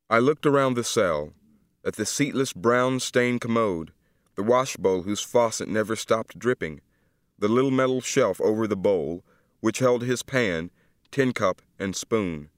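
A man reading first-person literary narration for an audiobook, measured and unhurried, on a close studio mic. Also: lowish voice, clear, resonant tone, dry recording.

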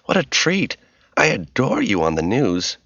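A man's voice: mid-range voice, wildly swooping pitch, unhurried, vocal fry, a bit bright, husky, dry recording, dull audio, voice pushed up, exaggerated voice. A man reading an audiobook, voicing a gushing, flirty woman receptionist with a bubbly, whiny manner.

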